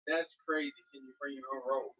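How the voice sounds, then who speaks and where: A man's voice: medium pitch, fairly even intonation, brisk, husky, muffled recording. A man joking around and teasing as co-host of a casual live stream.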